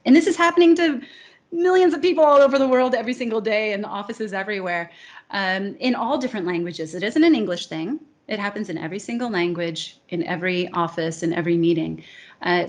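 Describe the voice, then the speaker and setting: An American woman, a speech coach and academy founder, talking earnestly in an interview and stacking her points in lists. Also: mid-range voice. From United States. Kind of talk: conversational interview.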